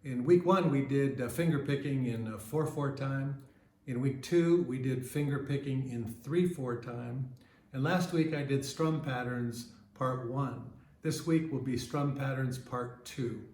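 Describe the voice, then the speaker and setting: A man teaching ukulele in a relaxed, chatty way, with many fillers, counting beats and sometimes singing along. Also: medium pitch, measured pace, echoey room, a little hiss or hum. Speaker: ukulele club instructor. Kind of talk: casual ukulele lesson with strumming and singing.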